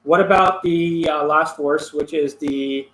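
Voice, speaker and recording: Guy teaching physics, slow and step by step, kinda high voice, echoey room. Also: steady tone, fairly bright tone. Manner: explains step by step, unhurried, with fillers and checks. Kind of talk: classroom lecture working through a problem.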